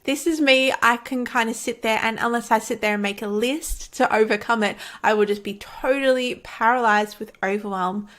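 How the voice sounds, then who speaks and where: A woman's voice: a little high, steady tone, moderate pace, hardly any pauses, fairly bright tone. A woman who makes online courses, talking casually to camera in an encouraging, chatty way and laughing often. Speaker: online course creator and coach. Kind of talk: casual talk to camera teaching.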